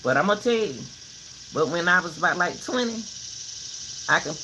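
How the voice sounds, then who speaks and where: An older woman talking casually to her viewers in a vlog, giving folksy, preachy advice in an animated way. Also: fairly low pitch, moderate pace, noisy background. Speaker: vlogger.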